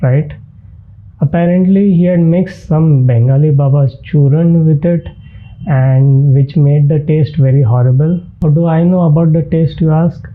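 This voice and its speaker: A young man with an Indian English accent, telling a sit-down comedy monologue in a deadpan, exaggerating way. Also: fairly high pitch. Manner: deadpan storytelling with absurd exaggeration. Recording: tinny narrow-band sound.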